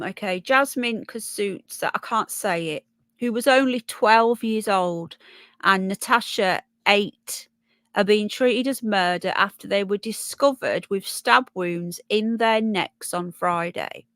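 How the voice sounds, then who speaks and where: A woman's voice: medium pitch, measured pace, fairly bright tone, no room sound. Chatty Brummie woman, dry close sound. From Birmingham, England. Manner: chatty, thinks aloud, stumbles over names. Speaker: livestream host. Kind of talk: casual live chat reading news and viewer comments.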